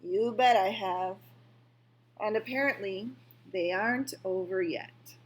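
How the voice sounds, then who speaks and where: A woman's voice: mid-range voice, slow pace, husky. A woman voicing a weary male toy rabbit who speaks in a tired, resigned inner voice. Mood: wry.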